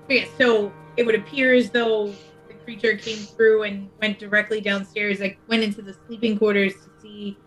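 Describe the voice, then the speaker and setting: A woman's voice: medium pitch, flat delivery, moderate pace, hardly any pauses, faint music behind, poor audio. Woman player thinking aloud. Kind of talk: tabletop game play.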